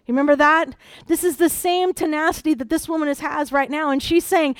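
A middle-aged woman delivers a sermon with animation, sinking into hushed storytelling and climbing to loud, emphatic calls. Her fairly high voice moves briskly with few pauses, captured in a dry, close recording with no echo.

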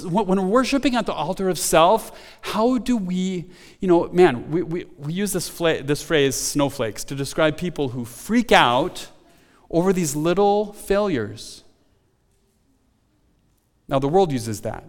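Guy preaching a sermon, high-ish voice, chatty with lots of restarts, big hall echo. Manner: conversational preaching, frequent restarts, rises to emphatic quotes. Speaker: pastor.

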